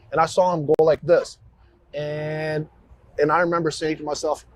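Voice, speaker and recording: A man, a police officer, giving a halting recorded account full of restarts. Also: fairly high pitch, little pitch movement, low-quality recording. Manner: halting, with frequent restarts and fillers.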